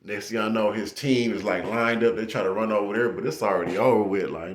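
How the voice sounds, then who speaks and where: Young man, low-pitched, casual storyteller, echoey room. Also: fairly quick. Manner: animated, laughing, with acted-out shouts.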